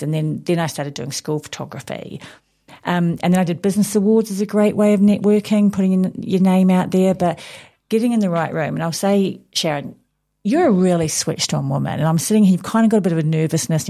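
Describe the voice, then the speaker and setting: Low gravelly woman, loud and animated. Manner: loud, animated, bursts of laughter. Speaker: business owner guest. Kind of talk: casual radio chat.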